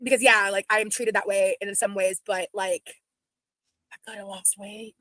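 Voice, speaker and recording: A woman in her thirties chatting casually as she reacts to her own old videos, rambling and quick. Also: mid-range voice, steady tone, pushed and bright, dry recording, rough recording. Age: 30s.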